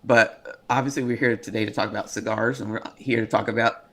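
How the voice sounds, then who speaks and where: Podcast host dude, low voice, pretty monotone, easygoing questions. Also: male voice, a little fast. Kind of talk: casual interview.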